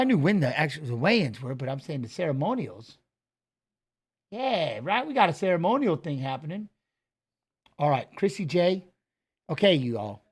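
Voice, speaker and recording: Brief: middle-aged male host, high-pitched voice, loose, profane, joking chatter. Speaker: show host. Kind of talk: casual livestream chat.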